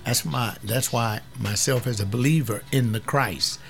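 Gravelly fiery male preacher. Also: medium pitch, a little slow, fairly bright tone, soft background music. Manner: confrontational, scolding, emphatic. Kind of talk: fiery sermon on a webcast.

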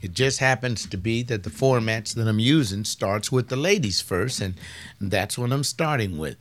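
A man's voice: lowish voice, moderate pace. A man, a marriage counselor, lecturing on relationships and speaking emphatically straight to the men and women listening. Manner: emphatic, addresses the audience directly.

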